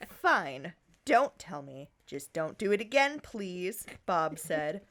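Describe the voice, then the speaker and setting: A woman's voice: lowish voice, sing-song, slow, fairly bright tone. A woman podcast host in casual chat, giggling as she reads her own fan fiction aloud with playful emphasis.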